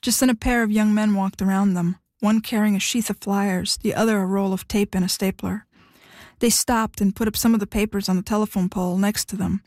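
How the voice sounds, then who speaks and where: A woman's voice: mid-range voice, fairly even intonation, normal speed, darkish tone, no room sound. Woman narrating a story, dry sound. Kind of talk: scripted narration.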